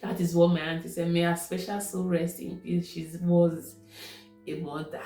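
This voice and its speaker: A woman's voice: on the low side, little pitch movement, moderate pace, dark tone. Nigerian woman telling a story. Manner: conversational, repeats herself. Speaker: vlogger. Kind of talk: casual storytelling. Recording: echoey room with faint music.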